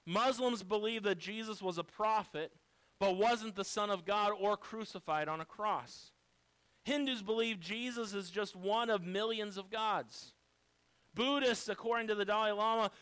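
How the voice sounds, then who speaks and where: Male pastor delivering a sermon, high and smooth voice, emphatic, fond of rhetorical questions. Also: fairly bright tone, rough recording.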